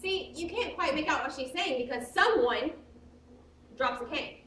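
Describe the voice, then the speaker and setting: A woman's voice: sits high, animated, moderate pace, fairly bright tone, slight background noise. A young woman playing a male musical-theatre fan who confides chattily in the audience, on a school stage. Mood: confiding. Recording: echoey stage audio from far off.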